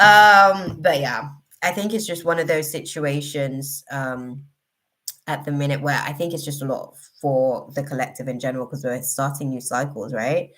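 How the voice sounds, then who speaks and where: A woman's voice: very deep voice, a little slow, fairly bright tone. A woman hosting a live tarot reading stream, chatting casually with viewers in an effusive, emotional, rambling way full of fillers. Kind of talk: casual livestream chat.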